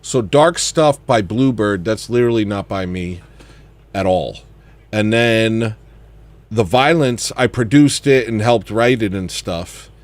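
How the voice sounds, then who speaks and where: A man's voice: on the low side, takes it slowly. A man hosting a casual livestream, chatting about his music in a rambling way that trails off and circles back. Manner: rambling, trails off and restarts thoughts.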